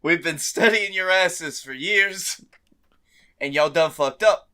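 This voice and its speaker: A man's voice: on the high side, takes it slowly, pushed and bright, voice pushed up. A man voicing a small visiting alien who scolds humanity in a folksy, drawling way. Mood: scolding.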